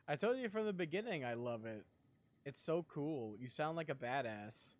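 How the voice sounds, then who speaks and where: A young man chatting casually on a live stream, rambling and excitable, laughing often and sounding sleepy. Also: a little high, moderate pace.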